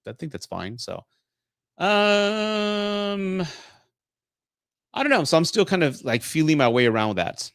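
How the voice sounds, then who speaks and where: A man's voice: medium pitch, a bit bright, no room sound, clean studio sound. Casual swearing Texan man in his forties. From Texas. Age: 40s. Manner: casual, swears freely, laughs often. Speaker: host. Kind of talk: live stream Q&A.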